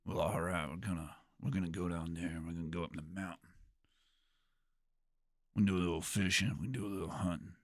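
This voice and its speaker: A laid-back drawling cowboy type with a put-on West Texas twang, as a gamer puts him on. The voice sits low and soft, loose and unhurried. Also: male voice, little pitch movement, dry recording, clean studio sound. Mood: easygoing. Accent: West Texas-style drawl, put on. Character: laid-back drawling Texan-style movie-star man.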